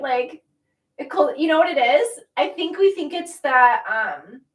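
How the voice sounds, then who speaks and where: Woman livestream host, high voice, chatty and emotional, a little far off the mic. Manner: warm, chatty, emotional at times, laughing often. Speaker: livestream host reading chat comments. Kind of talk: casual livestream chat. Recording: roomy echo, mic at a distance.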